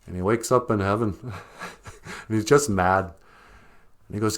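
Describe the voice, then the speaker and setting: A man casually telling a folk tale, relaxed and loose, with fillers and chuckles. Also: fairly low pitch, a little slow, pauses often. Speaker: storyteller and channel host.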